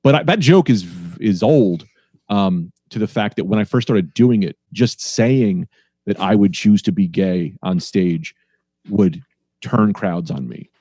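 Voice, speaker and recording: Comedian guy chatting on a podcast, kinda low mellow voice, bounces his inflection around, dry mic. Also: unhurried, no room sound. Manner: animated, plays with sing-song inflection. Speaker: stand-up comedian guest. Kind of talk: casual podcast conversation.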